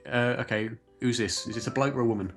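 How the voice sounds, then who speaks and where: A man's voice: mid-range voice, quick pace, faint music behind. A man joking crudely and sarcastically as a guest on a game playthrough. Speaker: guest co-player. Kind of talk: joking commentary over a game.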